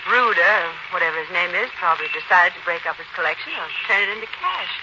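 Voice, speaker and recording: An actress playing a lively, playful young society woman who talks in a bubbly, teasing way, in 1940s radio acting. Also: lowish voice, fast talker, lightly acted. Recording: muffled old radio broadcast with hiss.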